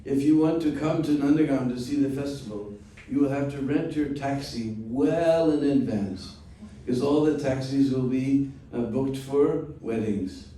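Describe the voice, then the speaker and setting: A man's voice: medium pitch, dark tone, distant mic. Man telling a story in an echoey room. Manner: unhurried, with frequent "hmm?" check-ins. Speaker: spiritual teacher. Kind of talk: storytelling class.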